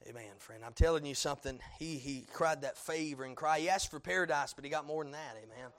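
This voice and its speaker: A man preaching a sermon, dropping to hushed low passages and climbing to loud peaks, with frequent amens and uh fillers. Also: fast talker.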